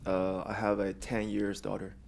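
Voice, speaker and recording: Podcast guest: thirties man, Chinese accent, low gravelly voice, halting delivery. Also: monotone, a little mellow. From China. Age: 30s. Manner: halting, plain phrasing with pauses. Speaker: guest, coach and police officer. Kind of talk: podcast interview.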